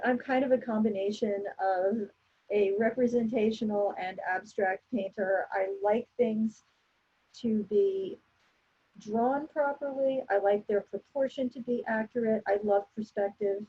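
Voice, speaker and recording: A woman demonstrating an oil painting and explaining each step as she works, in a relaxed, instructive way. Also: medium pitch, measured pace, husky, highs cut off. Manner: relaxed, instructive, thinking aloud while painting. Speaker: painting teacher.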